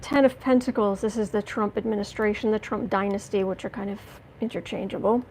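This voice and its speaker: A woman giving a livestreamed tarot reading, talking indignantly and emphatically with halting restarts as she greets chat. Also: mid-range voice, fairly even intonation, a little mellow, slight background noise, low-quality recording. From United States. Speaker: tarot reader.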